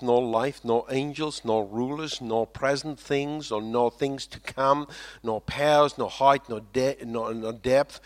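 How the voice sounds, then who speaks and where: A South African man preaches a sermon, swinging between loud, emphatic lines and quiet, low ones while repeating phrases for weight.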